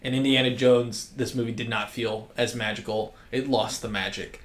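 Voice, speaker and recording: A man's voice: mid-range voice, fairly even intonation, moderate pace, a bit bright. A man co-hosting a podcast, telling stories and sharing movie opinions with enthusiasm. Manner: enthusiastic storytelling. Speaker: podcast co-host. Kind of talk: casual chat. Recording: echoey room.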